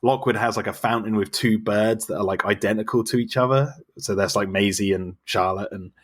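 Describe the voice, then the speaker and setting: A man's voice: lowish voice, steady tone, a little fast. A man chatting on a podcast, rambling enthusiastically through his film theories. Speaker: podcast guest. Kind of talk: casual chat.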